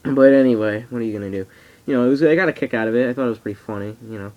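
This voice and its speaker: A teenage boy in a casual vlog, rambling excitably and swearing freely. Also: medium pitch, very fast, phone-quality sound. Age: teens. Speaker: vlogger. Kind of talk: casual wrestling reaction vlog. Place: at home on camera.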